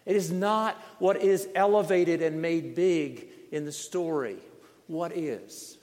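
A male preacher with a fairly high voice delivers his sermon slowly and dramatically, repeating phrases for weight. His words trail off into the long reverb of a large hall. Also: darkish tone. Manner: slow, dramatic storytelling with repetition.

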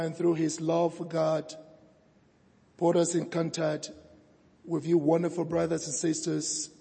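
A hoarse man preaching as a guest pastor, earnest and thankful, building to emphatic peaks. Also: fairly high pitch, warm tone. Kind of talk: sermon. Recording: reverberant church hall.

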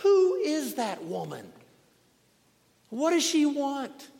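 A man voicing an irritable, corrupt male judge in a sermon story, loud and dismissive. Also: extremely high pitch, wildly swooping pitch, takes it slowly, vocal fry, in a large hall, voice pushed up, exaggerated voice. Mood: annoyed.

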